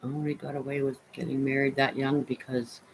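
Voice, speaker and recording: Soft-spoken woman confiding her story. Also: rumbling low, flat delivery, a little fast, slight background noise, rough recording. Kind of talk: personal sharing.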